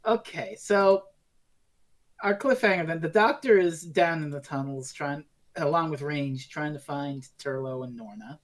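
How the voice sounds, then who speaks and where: Woman, podcast co-host, casual chat, blunt, sweary, lowish voice. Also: unhurried. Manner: blunt, swears freely while recapping.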